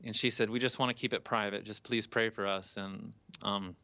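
A man's voice: on the low side, fairly even intonation, normal speed, pushed and bright, no echo, dull audio. A young man, a college student, telling a personal story earnestly in an interview, with some restarts. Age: young adult.

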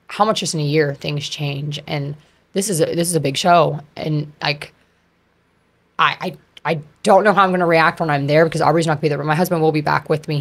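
A low-pitched woman in her thirties chats as a podcast guest, animated and full of fillers. Her voice sits deep for a woman, and she runs her thoughts together as she talks. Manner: chatty and animated, many fillers. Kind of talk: casual conversation.

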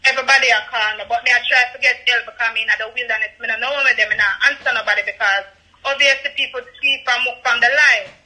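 A man's voice: very high voice, fairly even intonation, fast, pushed and bright, low-quality recording. A man with a Jamaican accent, emotional and near tears, rambling and repeating himself as he recounts events on a live call. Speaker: guest telling his story.

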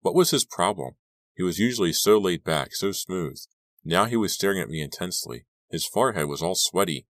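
Very deep-voiced male audiobook narrator. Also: expressive, fairly quick, fairly bright tone, no echo. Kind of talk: scripted first-person narration.

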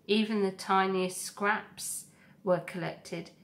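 A woman teacher reading a children's novel aloud to a class in a slow, steady storybook manner. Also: mid-range voice.

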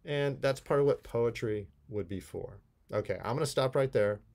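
A man's voice: medium pitch, moderate pace, gravelly, a little mellow. A man lectures his college English class in a recorded video lesson. He talks at an easy, conversational clip and drops playful asides as he works through each poem. His voice sits in an ordinary middle register. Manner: conversational, playful asides while explaining poems.

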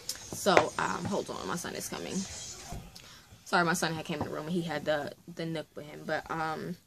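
A woman hosting a casual reading vlog, talking in an animated, exclamatory way with lots of slang. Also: low-pitched, moderate pace, gravelly. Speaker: book vlogger.

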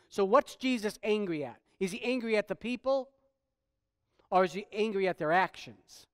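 A man pastor preaching a sermon, swinging from quiet stretches to loud, emphatic preaching. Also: sits high, normal speed, clean tone, dry recording, clean studio sound.

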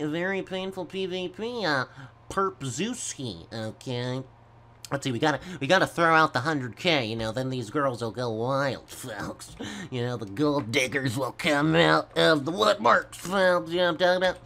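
A man doing goofy gameplay commentary, stammering and talking slowly to his viewers as folks. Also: a little high, animated, sharp tone, slight background noise. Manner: slow, stammering, goofy, keeps addressing folks. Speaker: gaming YouTuber.

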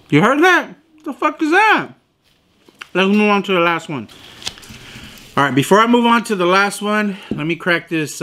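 Bright, animated young man reviewing sandwiches. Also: high voice, a little hiss or hum. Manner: profane, animated, incredulous complaining. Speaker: food reviewer. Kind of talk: casual food review vlog.

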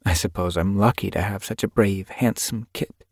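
A man voicing a gentle, sleepy mother cat in an audiobook, soft and purring, mildly chiding. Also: low voice, normal speed, gravelly, husky, dry recording, clean studio sound, exaggerated voice. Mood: fond.

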